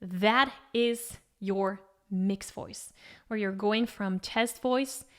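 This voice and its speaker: A woman's voice: medium pitch, drawn-out words, a bit bright. A woman singing teacher giving an encouraging vocal lesson and demonstrating exercises.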